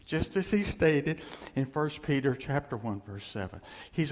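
A man's voice: mid-range voice, expressive, measured pace, in a large hall. A man preaching a sermon in an earnest, conversational way, often repeating phrases for emphasis.

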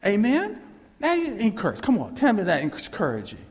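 A male pastor delivers an animated sermon at a moderate pace, swinging from loud exclamations to low murmurs inside a reverberant church hall.

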